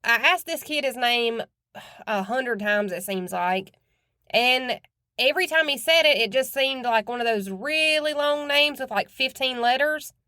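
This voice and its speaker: A blunt, chatty woman host talking through a true crime case in a loose, conversational way. Her voice sits a little high, and the sound is dry and close with no room echo. She swears now and then and keeps it casual. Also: expressive, measured pace, pushed and bright. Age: adult with children.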